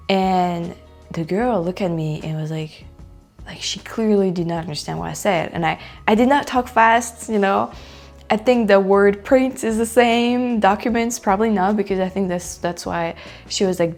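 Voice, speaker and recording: A woman from France with a French accent, speaking English as a second language in a casual, animated vlog chat, full of likes and restarts. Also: mid-range voice, moderate pace, soft background music. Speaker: vlogger.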